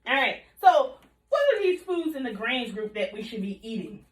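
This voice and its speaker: A woman giving a kindergarten video lesson on healthy eating, in a bouncy teacher voice with call-and-response and drawn-out repeated words. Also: on the high side, sing-song. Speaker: nutrition educator for young children.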